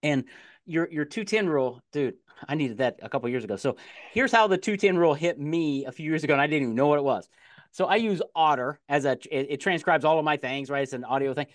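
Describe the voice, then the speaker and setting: A middle-aged man hosting a sales podcast interview in a casual, excitable way, often repeating words as he gets going. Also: fairly high pitch, quick pace, no room sound. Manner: animated, laughs easily, repeats words when excited. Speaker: podcast host.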